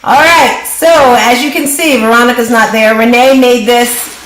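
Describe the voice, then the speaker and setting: Brisk high-voiced coach on a roomy call. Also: female voice, a bit bright. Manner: brisk, directive, upbeat. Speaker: workshop host and business coach. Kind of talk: live online workshop. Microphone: video call.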